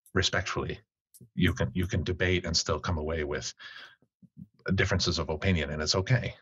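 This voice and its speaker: Very deep husky man, Finnish-tinged Canadian. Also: bright, forceful tone, no room sound. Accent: Canadian English with a Finnish tinge. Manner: reflective, restarts phrases while searching for words. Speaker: podcast guest. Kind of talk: casual interview talk. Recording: dull lo-fi dry sound.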